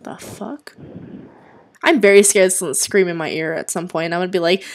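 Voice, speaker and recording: A woman's voice: lowish voice, steady tone, fast talker. A young woman commenting casually on a game stream, chatty and jumpy, with lots of "um"s and swearing at the scares. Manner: chatty, with frequent "um"s, swearing and startled exclamations.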